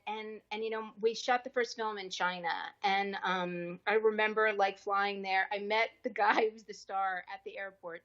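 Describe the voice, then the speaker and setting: A woman of middle pitch tells a story in a podcast interview, animated and chatty, jumping into little voices whenever she quotes someone. The audio is slightly dull and muffled, like a modest home podcast setup. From US East Coast. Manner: lively, acts out quoted dialogue with shifting voices. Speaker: actress, podcast guest.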